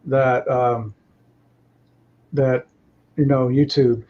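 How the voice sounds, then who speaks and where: A man's voice: mid-range voice, little pitch movement, drawn-out words, dull audio. A man talking over a call as a guest on a livestream, in a rambling, reflective way full of "you know.". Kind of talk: casual conversation.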